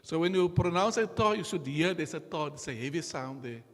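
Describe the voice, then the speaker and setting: A man teaching a class in a mosque, slow and patient, repeating each sound for his students to copy. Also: on the high side, lively intonation, a bit bright. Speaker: Qur'an recitation teacher. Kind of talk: classroom lesson. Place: mosque hall. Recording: long hall reverb.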